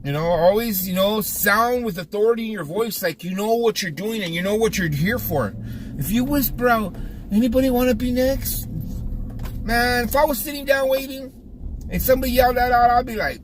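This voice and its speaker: A man's voice: sits high, fairly quick, a little hiss or hum. A man who owns a barbershop, talking casually to his viewers in a vlog with a Californian accent and a lot of repeated words and restarts, as if coaching younger barbers. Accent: Californian English. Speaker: barbershop owner and vlogger. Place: driving around town, then in his barbershop.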